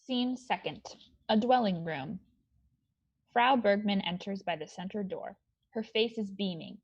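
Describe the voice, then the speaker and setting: A woman reading stage directions aloud in an amateur online play reading, in a plain, steady way. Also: mid-range voice, unhurried, husky. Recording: dull lo-fi sound.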